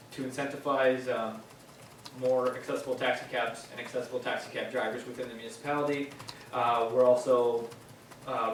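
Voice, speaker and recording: Man, flat steady delivery, explaining bylaw details, council chamber, far from the mic, faint background hum. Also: medium pitch. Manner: explanatory, with frequent fillers. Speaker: municipal staff member presenting a bylaw. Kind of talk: formal meeting presentation. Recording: echoey chamber, distant mic, faint noise.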